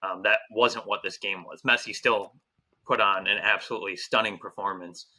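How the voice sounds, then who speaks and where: A man's voice: on the low side, fairly even intonation, moderate pace, bright, forceful tone. A man co-hosting a podcast, breaking down a match in a loose, rambling way with many restarts. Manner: rambling, frequent restarts and fillers. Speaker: podcast co-host. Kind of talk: casual soccer analysis chat.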